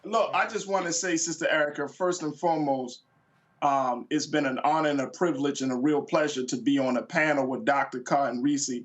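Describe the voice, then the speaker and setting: A man's voice: a little high, fairly even intonation, a little fast. Casual man joining the panel. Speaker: new panelist. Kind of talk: panel talk.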